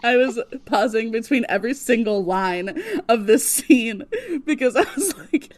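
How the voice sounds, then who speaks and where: Woman podcast cohost, giggly and animated, keeps cracking up and doing the characters' lines. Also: fairly high pitch, unhurried. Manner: giggly, animated, breaks into laughter often; acts out characters' lines while recapping. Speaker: podcast co-host. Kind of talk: casual recap chat.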